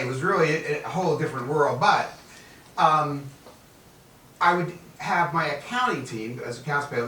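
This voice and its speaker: Older man telling a lively story. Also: fairly high pitch, a little hiss or hum. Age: 70s. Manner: animated, jokey, acts out quoted voices. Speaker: guest speaker. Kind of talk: storytelling keynote speech. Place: large conference hall. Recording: echoey hall, voice from far off.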